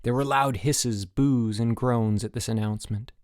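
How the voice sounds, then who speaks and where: A man narrating an audiobook in lively storytelling narration. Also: mid-range voice, moderate pace, no echo, clean studio sound. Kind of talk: scripted narration.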